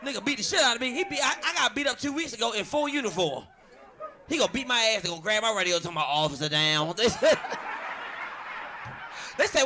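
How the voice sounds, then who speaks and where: A man performing stand-up in a comedy club, his voice sitting high and leaping wildly as he acts out his stories. He swears freely and plays to the room. Clear audience noise surrounds him. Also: fast talker, pauses often. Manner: loud, animated, swearing, acts out quotes. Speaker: stand-up comedian and show host.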